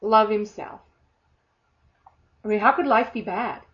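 A woman's voice: mid-range voice, unhurried, fairly bright tone. A woman preaching a sermon in a fervent, emphatic way, often acting out imagined prayers. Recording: dull lo-fi sound.

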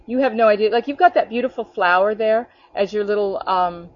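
A woman's voice: medium pitch, fairly quick, muffled recording. A woman teaching a small prayer group over a video call, speaking earnestly, addressing listeners by name and often checking in with "okay?". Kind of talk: spontaneous preaching to a small group.

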